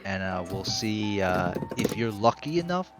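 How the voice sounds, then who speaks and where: Casting: chatty man running a tabletop game, animated. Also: on the low side, a little slow, loud music behind the voice. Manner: laughing, hesitant, fillers. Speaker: game master.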